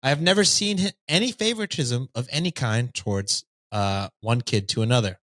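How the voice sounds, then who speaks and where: Fairly quick and mid-range, with no echo, a man reads a story on his podcast. He keeps the mood lively by interrupting himself with jokey side comments.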